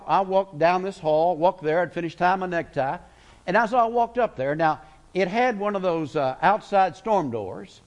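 Man, middle-aged, guest preacher, sermon, folksy, emphatic, slightly high-pitched. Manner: folksy, emphatic, slows words for weight. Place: church sanctuary.

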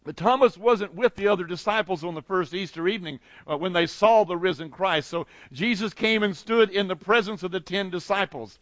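A male pastor preaching a sermon in a fairly high voice, emphatic and repetitive. He often restarts his phrases and swings between booming and hushed. The recording is dry and dull, like lo-fi audio. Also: brisk, hardly any pauses, no echo.

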